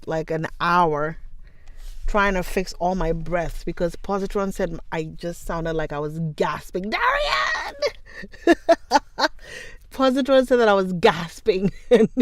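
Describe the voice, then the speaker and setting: A woman's voice: fairly low pitch, no room sound. A young woman whose first language is Twi, hosting a livestream, chatting casually with viewers, laughing often and greeting them by name. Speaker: livestream host. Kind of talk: casual chat with live viewers.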